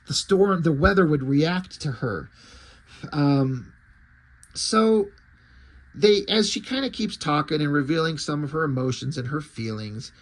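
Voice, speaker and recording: A man reviewing comics in a casual, wry way, with fillers and mild swearing. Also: fairly high pitch. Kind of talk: casual chat.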